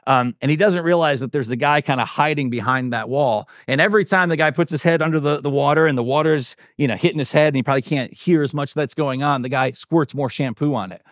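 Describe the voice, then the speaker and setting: Relaxed pastor with a dry, close sound. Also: male voice, on the high side, fast, few pauses, no room sound. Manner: casual, filler-heavy, checks in with listeners. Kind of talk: conversational sermon.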